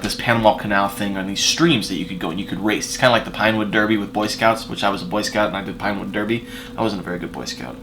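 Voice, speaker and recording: A man recounts a personal story in a casual vlog, rambling with fillers and restarts and swinging between loud, emphatic bursts and quiet asides. His voice is lowish, and there's background noise.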